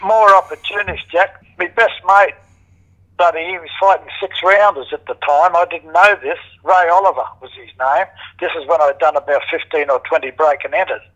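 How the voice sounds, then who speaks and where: A man's voice: a little high, moderate pace, a bit bright, lo-fi sound. An older Australian man in a casual interview, telling stories bluntly, swearing freely and acting out what others said. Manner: blunt, swears freely, acts out quoted voices. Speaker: interviewee, former criminal. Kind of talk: casual storytelling.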